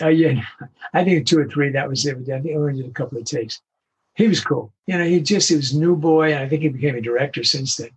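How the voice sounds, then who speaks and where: An older man, a veteran voice actor, telling stories in an interview with lively acted-out quotes. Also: medium pitch, slight background noise, low-quality recording. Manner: animated anecdotes, acts out quoted voices. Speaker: voice actor guest. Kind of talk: storytelling interview.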